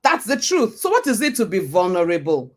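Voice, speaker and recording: A woman's voice: medium pitch, huge pitch swings, brisk. A woman giving a motivational talk. She speaks emphatically, repeats her points, asks rhetorical questions and sometimes quotes scripture like a preacher.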